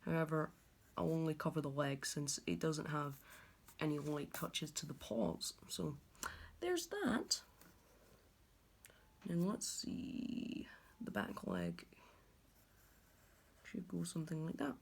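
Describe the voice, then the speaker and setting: A woman's voice: deep voice, animated, a little slow, gravelly, pauses often. A woman creator musing aloud as she draws, making clicking sounds with her voice while she thinks. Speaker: video creator.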